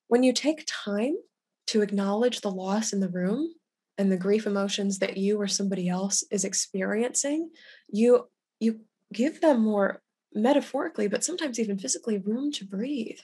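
Gentle breathy woman hosting a webinar. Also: mid-range voice, normal speed. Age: young adult. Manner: gentle and validating, quotes others' words aloud. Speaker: grief educator hosting a webinar. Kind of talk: webinar talk reading chat comments.

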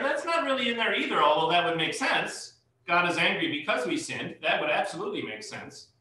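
Bright-voiced man pastor teaching Bible study. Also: a little high. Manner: explanatory, rising emphasis on key points. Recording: echoey room, mic far off.

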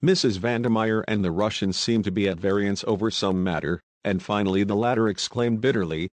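Low-voiced man reading a novel. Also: brisk, hardly any pauses, dry recording. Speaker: audiobook narrator. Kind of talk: scripted narration.

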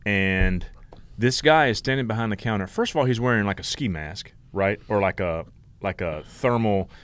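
A middle-aged man with a Southern US accent, co-hosting a podcast in casual, deadpan chat. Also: on the low side, normal speed. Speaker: podcast co-host.

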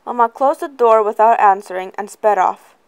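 A woman reading a chapter aloud as an audiobook. Her voice sits at an ordinary middle pitch, steady and plain, keeping an even pace through the narration. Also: normal speed, clean tone. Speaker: reader.

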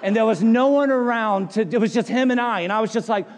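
A pastor preaching a sermon in a church, mixing jokey storytelling with scripture. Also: male voice, high-pitched, fast, big-room sound, slight background noise. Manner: joking storyteller, animated voices for quotes. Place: church sanctuary.

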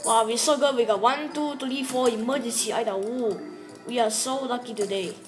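A woman's voice: fairly high pitch, normal speed. A woman giving casual gameplay commentary in rambling, broken English, chatting to herself and the viewers as she plays. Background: game music.

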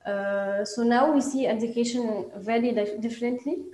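Hesitant woman pitching in an echoey room. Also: fairly even intonation, normal speed, warm tone. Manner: hesitant, many fillers and restarts. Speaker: startup presenter. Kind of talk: pitch presentation.

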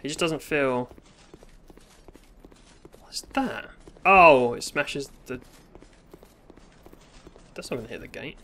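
A man's voice: mid-range voice, animated, slow pace, pauses often, a bit bright. British man swearing through game commentary. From Britain. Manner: swearing, exasperated running commentary with sudden outbursts. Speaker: gaming YouTuber. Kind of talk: let's play commentary.

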